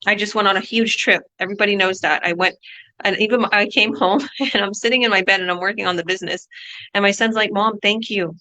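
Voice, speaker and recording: A woman's voice: medium pitch, steady tone, fast talker, bright, forceful tone, poor audio. A woman business coach hosting a motivational online talk, upbeat and preachy, often repeating herself.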